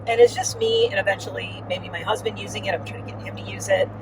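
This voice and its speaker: A woman's voice: medium pitch, steady tone, fast, recorded from a distance, heavy background noise. A woman giving a casual, rambling vlog update with lots of fillers, talking while riding in a car. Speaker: vlogger.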